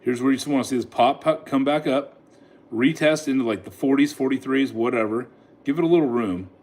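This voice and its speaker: A man narrates his day trades live in a brisk, mid-range voice with a darkish tone. The talk is casual, aimed at the chart and punctuated by frequent laughter, captured on a handheld phone.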